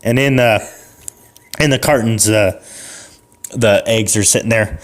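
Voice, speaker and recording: A man's voice: fairly low pitch, measured pace, pauses often. A young man improvising a comic story on a podcast, rambling and laughing as he acts out the characters. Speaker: podcast co-host.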